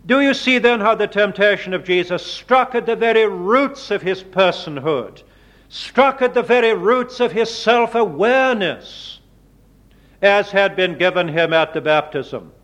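A man preaching a sermon, slow and deliberate, leaning hard on quoted words. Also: high voice, animated, fairly bright tone. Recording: dull lo-fi sermon recording.

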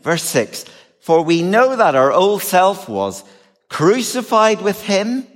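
Slow, lively-voiced preacher in a reverberant hall. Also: male voice, high voice. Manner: measured, expressive preaching with dry humor. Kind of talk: sermon.

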